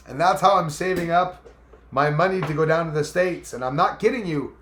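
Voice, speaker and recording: A Canadian man hosting a live stream, chatting casually in a rambling, animated way and reading out viewer comments. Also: a little high, echoey room, a little hiss or hum. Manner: animated, rambling, talks back to chat.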